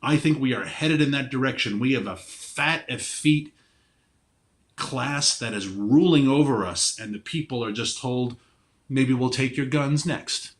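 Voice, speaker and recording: Guest spot: passionate man, mid-pitched, emphatic talker. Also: unhurried. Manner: animated, emphatic, repeats words at starts. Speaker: podcast guest, energy advocate. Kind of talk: impassioned conversational argument.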